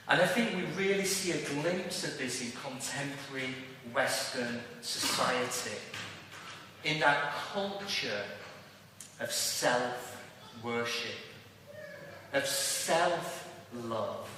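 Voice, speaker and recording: A man with a Liverpool accent preaching with slow, deliberate emphasis and a bright, forceful tone. His voice rings through a large church hall with long reverb, picked up from a distance with faint room noise behind. He delivers a sermon and keeps putting rhetorical questions to the congregation. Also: medium pitch, expressive. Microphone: distant room mic. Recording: echoey church hall from far off.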